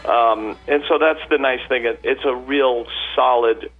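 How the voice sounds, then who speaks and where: A man's voice: medium pitch, steady tone, unhurried, narrow, tinny audio, soft background music. A man guest on a radio interview, a chatty storyteller with many fillers and restarts. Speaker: tribute performer guest.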